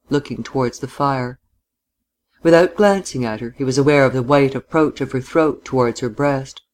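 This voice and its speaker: Measured, quiet audiobook narrator. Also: mid-range voice. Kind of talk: audiobook reading of a novel.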